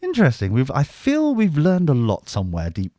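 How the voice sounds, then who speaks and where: A man's voice: mid-range voice, huge pitch swings, a little fast, warm tone, no room sound. Man, teasing podcast co-host, dry close mic. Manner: teasing, laughing often. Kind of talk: casual banter.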